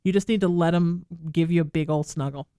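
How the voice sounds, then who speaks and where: A woman hosting a talk radio show, giving gentle, affectionate advice to a caller while close to tears. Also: lowish voice, brisk, clean tone, no echo. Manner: soothing, affectionate, calls the caller sweetheart. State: tearful. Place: radio studio. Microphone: studio microphone.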